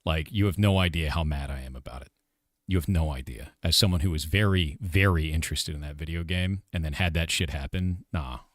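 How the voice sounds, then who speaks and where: In a very deep voice and at a fairly quick clip, a man in his forties who develops games talks casually on a live stream. He goes on profane rants, constantly repeating "like" and "dude," and the recording is clean studio sound without echo.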